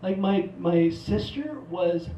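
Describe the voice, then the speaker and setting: A man's voice: high-pitched, expressive, takes it slowly, dark tone. Rambling man doing stand-up in a theater. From Portland, Oregon. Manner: rambling, self-mocking, many likes and restarts. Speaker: stand-up comedian. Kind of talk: stand-up comedy set. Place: theater stage. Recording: live theater mic, roomy, from a distance.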